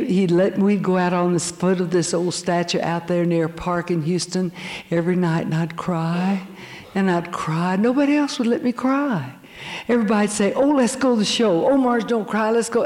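An older woman telling her church testimony, animated and quick to laugh. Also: fairly low pitch. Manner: animated storytelling, laughing often. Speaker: speaker giving a testimony. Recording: long hall reverb.

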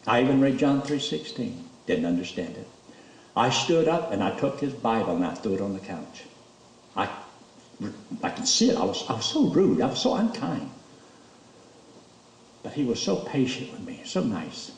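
A man's voice: moderate pace, vocal fry, a little hiss or hum. Preacher guy telling his testimony, voice jumps all over, echoey room, mic kinda far. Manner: storytelling, animated, rises high when emotional. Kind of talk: sermon testimony. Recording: roomy, distant mic.

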